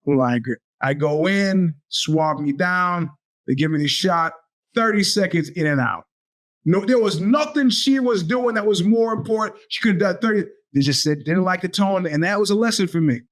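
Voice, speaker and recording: A man in his fifties tells a winding story as a podcast host. He talks in a slightly high voice and jumps into the voices of the people he quotes. The delivery is loose and animated. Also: normal speed. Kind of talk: storytelling monologue.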